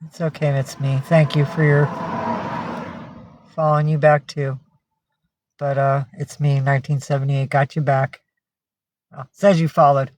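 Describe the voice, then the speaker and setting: A woman's voice: low voice, a little mellow, no echo. A woman chatting casually on a livestream, greeting and thanking viewers by name and cooing at her pets. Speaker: livestream host.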